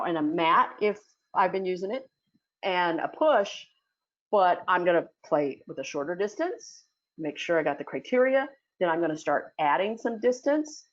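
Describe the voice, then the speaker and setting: A woman's voice: lowish voice, lively intonation, normal speed, muffled recording. A woman giving a casual talk as a dog sport instructor, chatty, with many fillers and restarts. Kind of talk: casual teaching talk in an audio chat room.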